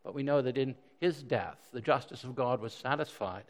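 A pastor preaching a sermon in an earnest way, often repeating words and asking rhetorical questions. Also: male voice, mid-range voice, moderate pace. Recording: long hall reverb.

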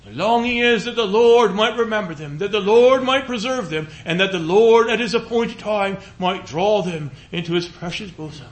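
A man preaches in a high-sitting, expressive voice with an earnest, pleading rhythm. He repeats phrases, and his delivery slows and quiets to a hush on scripture.

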